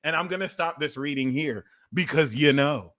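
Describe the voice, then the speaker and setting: A man hosting an astrology reading livestream, talking in an animated, profane rant and sometimes shouting. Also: a little high, moderate pace. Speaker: astrology reader.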